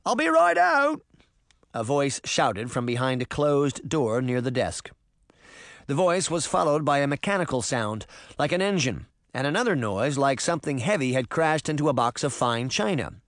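A man narrating a story as an audiobook, with expressive storytelling. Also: mid-range voice, moderate pace, dry recording, studio quality.

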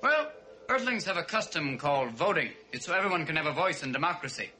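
A man playing a zany male alien visitor to Earth in a 1970s sitcom, with rapid silly wordplay. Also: on the high side, big pitch swings, bright, forceful tone, heavily acted. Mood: cheeky.

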